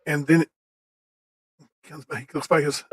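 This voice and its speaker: A man's voice: a little high, level tone, moderate pace, slightly rough, no room sound, rough recording. A man casually narrating a scene in a tabletop game. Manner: casual storytelling.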